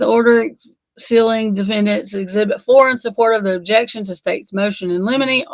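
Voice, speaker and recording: Her voice mid-range and her speed normal, with no room sound, a woman runs a casual true crime livestream. She yawns sleepily, rambles and curses in exasperation as she talks with chat.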